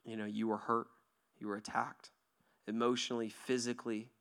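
A pastor in his thirties giving a sermon to his church, lively and joking at first, then soft and hushed as he leads a quiet prayer. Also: medium pitch, brisk, clean tone. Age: 30s. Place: church hall.

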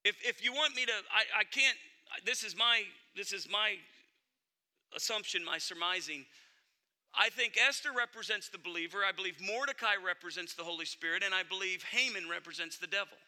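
A man's voice: sits high, fairly quick, bright, forceful tone. A male pastor preaching a sermon in an earnest, emphatic way, speaking directly to his congregation.

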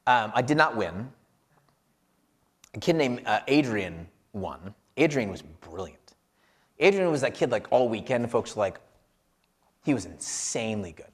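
A man's voice: medium pitch, big pitch swings, a little slow, pauses often, husky. Guy rambling thru a story about himself, lots of likes, self-deprecating, regular mid voice. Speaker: podcast co-host reflecting on scripture. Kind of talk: personal storytelling in casual chat.

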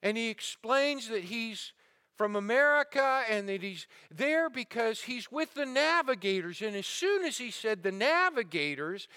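Bright, high-voiced storytelling pastor. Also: male voice, animated, unhurried, clean tone. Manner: dramatic storyteller, rising and falling intensity; drops to a hushed, somber tone. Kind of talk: sermon storytelling. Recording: sermon audio recording.

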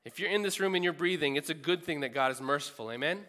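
A man's voice: a little high, fast, pushed and bright, big-room sound. A man preaching a sermon in a large room, earnest and emphatic, repeating phrases for stress.

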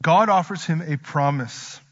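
A male pastor preaching a sermon, swinging from quiet slow emphasis to loud, urgent rises. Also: on the high side. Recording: dull audio with long hall reverb.

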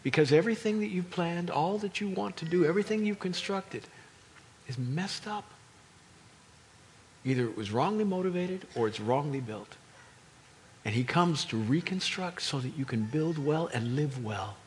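A man preaching a sermon to a congregation, moving between quiet explanation and loud, emphatic delivery. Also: fairly high pitch, animated, normal speed, slight background noise. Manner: dynamic, swings from quiet to loud, acts out crowd voices.

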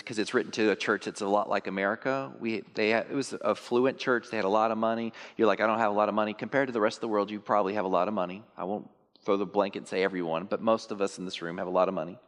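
A male pastor preaching a sermon to his church, animated, sometimes mimicking churchgoers in high put-on voices. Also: racing. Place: church sanctuary. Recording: long reverb of a large hall.

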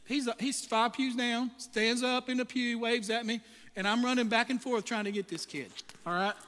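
A man's voice: very high-pitched, steady tone, normal speed, fairly bright tone. A male pastor preaching to church volunteers, telling funny, folksy stories with emphatic delivery. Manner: humorous storytelling, folksy and emphatic. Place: church sanctuary. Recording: long hall reverb.

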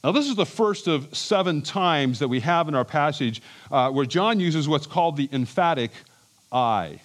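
Man, pastor, sermon, emphatic, higher voice, wide swings in pitch. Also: normal speed. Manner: animated, emphatic, with chuckles and restarts. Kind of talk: expository sermon.

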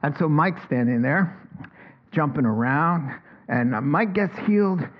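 A preacher acting out an excited bold apostle. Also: male voice, on the high side, unhurried, muffled recording. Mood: eager. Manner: breathless, animated storytelling in first person. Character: bold excited male apostle retelling his arrest.

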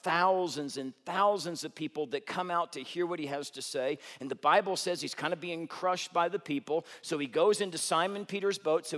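A middle-aged man preaching a sermon as a pastor, telling the story with humor and swinging between loud, animated stretches and hushed ones. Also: on the high side, fairly quick, few pauses, long reverb tail.

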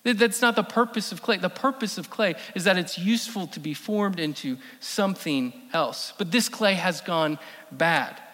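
A man preaching a sermon as pastor, emphatic, repeating key phrases and slowing down for stress. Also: high voice, a bit bright. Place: church sanctuary. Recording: long reverb of a church hall.

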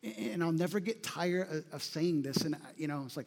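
A man preaching a sermon as a pastor, emphatic, repeating key lines and slowing down for quoted scripture. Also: fairly high pitch, creaky, darkish tone, in a large hall.

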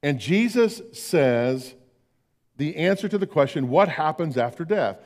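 An older man preaching a sermon as pastor, swinging between emphatic declarations and hushed, slow tender passages. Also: a little high, lively intonation.

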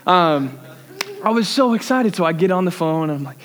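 A man's voice: high-pitched, lively intonation, moderate pace, fairly bright tone. A young man preaching a sermon, telling a story animatedly and laughing at himself. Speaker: youth pastor.

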